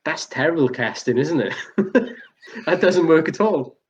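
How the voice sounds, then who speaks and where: A man's voice: fairly high pitch, lively intonation, measured pace. Rambling man, slightly muffled audio. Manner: rambling, restarts sentences, laughs at his own jokes. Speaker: podcast co-host. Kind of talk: casual podcast chat.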